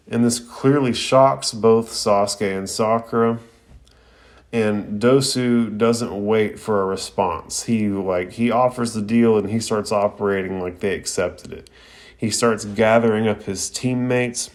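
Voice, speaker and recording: A man's voice: fairly low pitch, fairly even intonation, unhurried. A young man recapping an anime episode in a laid-back, slangy podcast style, with plenty of fillers.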